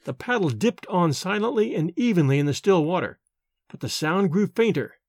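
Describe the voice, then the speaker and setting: A man narrating a novel aloud in an expressive, measured reading. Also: high-pitched, no room sound. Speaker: audiobook narrator.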